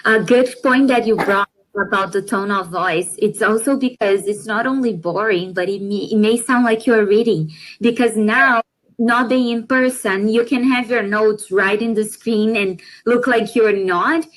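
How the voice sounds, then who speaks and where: A woman co-presenter in an online workshop, calmly adding her own point to the host's. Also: mid-range voice, moderate pace, poor audio.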